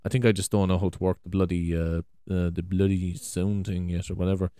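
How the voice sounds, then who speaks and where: A man's voice: sits low, level tone, a little fast, warm tone, clear, resonant tone, dry recording, studio quality. A man vlogging in a rambling, casual monologue, swearing and exclaiming often, on a desk microphone in a big room at home. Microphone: USB desk microphone.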